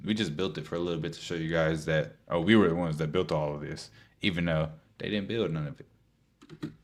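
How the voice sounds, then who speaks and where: A man's voice: very deep voice, a little fast. A man hosting a video, reacting to clips in a casual, slangy way, incredulous and chuckling between remarks.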